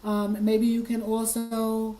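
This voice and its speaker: A woman hosting an online commentary, speaking earnestly while hoarse and fighting back tears, often repeating her words. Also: a little high, monotone, takes it slowly, mellow, soft background music, poor audio. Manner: earnest, choked up, repeats herself. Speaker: commentary channel host. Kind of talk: emotional commentary.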